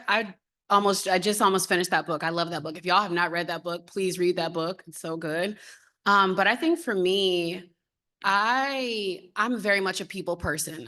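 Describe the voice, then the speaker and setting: Low-voiced woman speaking candidly on a panel. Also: bright, forceful tone. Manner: open, heartfelt, conversational. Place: symposium panel.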